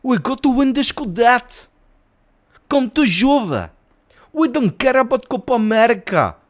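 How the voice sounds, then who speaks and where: A man doing a pushy club insider who pleads over and over in a raised, bouncy voice, swinging his tone up and down. He hammers the same lines with high-energy salesmanship. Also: big pitch swings, measured pace, heavily acted. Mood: pleading. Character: eager male club insider pitching a transfer.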